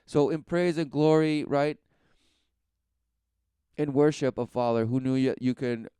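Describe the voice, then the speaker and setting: A man's voice: medium pitch, steady tone, measured pace, mellow, smooth, no room sound, clean studio sound. A man preaching in a rambling talk, often tossing in rhetorical questions. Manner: rambling, keeps asking "who knew" and "right?".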